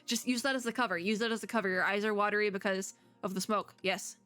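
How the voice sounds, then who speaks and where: A woman's voice: mid-range voice, steady tone, quick pace, a bit bright, faint music behind. A woman streamer chatting and giggling through a game while reading its story aloud. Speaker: gaming streamer. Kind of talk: casual gameplay commentary.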